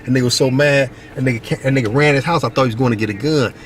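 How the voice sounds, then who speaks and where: This middle-aged Long Beach, California vlogger races through casual tales of his youth, animated throughout, using high-pitched voices for quoted people and repeatedly asking "you know what I mean." He's outside by a basketball court, moving in traffic, and faint traffic and street noise comes through.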